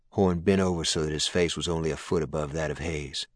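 A man narrating a crime novel in a measured, even reading. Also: a bass voice, no echo, clean studio sound. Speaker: audiobook narrator. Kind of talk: scripted narration.

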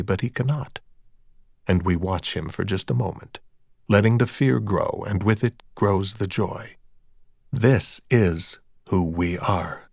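A man narrating dark fiction in a slow, hushed, measured and cold manner. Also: fairly low pitch, no room sound, studio quality.

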